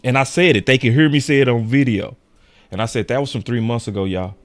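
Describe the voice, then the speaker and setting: A young man hosting a sports show in casual, animated chat, full of slang and quick laughs. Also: mid-range voice. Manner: animated, slangy, laughs often, quotes fans in raised voice.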